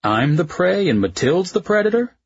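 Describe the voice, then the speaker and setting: A man's voice: sits high, sing-song, normal speed, husky, highs cut off, pitched above the performer's own voice, heavily acted. A man voicing a bookish, joking young husband, playful and teasing, in an audiobook. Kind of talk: audiobook character voice.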